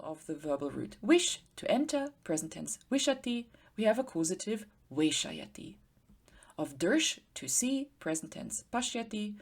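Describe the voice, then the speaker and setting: A woman teacher giving an explanatory grammar lecture, patiently slowing down to spell out word forms. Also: mid-range voice. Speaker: Sanskrit teacher.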